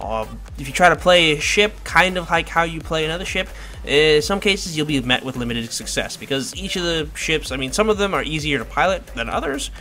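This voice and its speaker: A man's voice: on the high side, animated, a little fast, bright, forceful tone. A man casually explaining a video game in a rambling, self-joking tutorial commentary. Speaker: gaming video creator. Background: faint background music.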